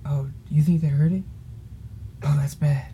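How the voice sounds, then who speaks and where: A man's voice: a little high, fairly even intonation, a little slow, dark tone, slight background noise. A teenage boy casually telling a rambling story on a podcast, laughing often and drifting off topic. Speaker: podcast host.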